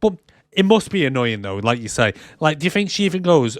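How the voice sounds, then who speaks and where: A man co-hosting a casual movie review podcast, sarcastic and quick to swear as he acts out scenes. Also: fairly high pitch, sing-song, dry recording, clean studio sound. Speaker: podcast co-host.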